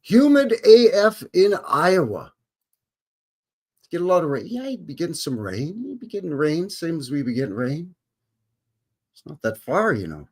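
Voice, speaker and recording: Husky guy from alberta doing a live stream, lively up and down voice, folksy howdy-y'all chatter. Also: on the high side, normal speed, pauses often. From Alberta, Canada. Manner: folksy cowboy talk, greets chatters warmly. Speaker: livestream host. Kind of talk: casual live-stream chat.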